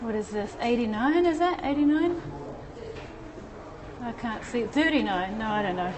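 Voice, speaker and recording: A woman's voice: on the high side, lively intonation, moderate pace. Chatty woman live-streaming on her phone. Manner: chatty, reads and answers viewer comments while walking. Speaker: livestream host. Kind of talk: casual live-stream chat. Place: outdoors then climbing a stone stairwell. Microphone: phone held in hand. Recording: noisy street and stairwell sound.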